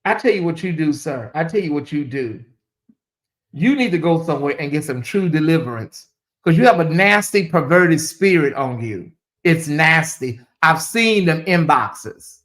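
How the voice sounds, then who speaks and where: A woman hosting her own commentary channel, talking casually on a live stream. She repeats her questions and swings between low muttering asides and loud exclamations. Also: expressive, moderate pace.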